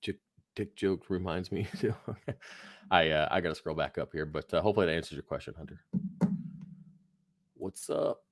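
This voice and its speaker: A low-pitched man talks at a moderate pace with long pauses, in clean studio sound with no room noise. He's an aquarium livestream host fielding chat questions, tired, yawning, and phlegmy. His delivery is laid-back and rambling, packed with fillers and casual swearing.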